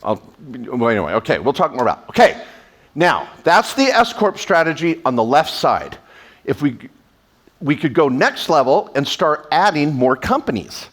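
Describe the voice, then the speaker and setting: A man speaking as a tax attorney at a live event, energetic and sarcastic, slipping into quoted voices, on a stage microphone. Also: on the high side, moderate pace. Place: event stage before an audience.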